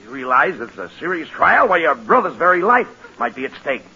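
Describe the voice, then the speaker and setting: A man's voice: on the high side, big pitch swings, brisk, pushed and bright, husky. A man playing the bossy straight man in 1940s radio comedy, scolding his partner. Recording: dull 1940s radio broadcast.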